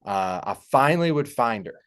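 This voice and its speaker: A young man telling a personal story in a halting, heartfelt way, with many fillers and restarts. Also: medium pitch, expressive, smooth. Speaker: podcast guest. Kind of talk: personal story in casual conversation.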